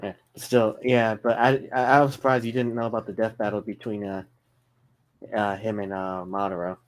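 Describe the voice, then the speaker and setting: A man chatting casually with a friend on a stream, relaxed and steering the talk back on topic. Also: on the low side, normal speed. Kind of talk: casual chat.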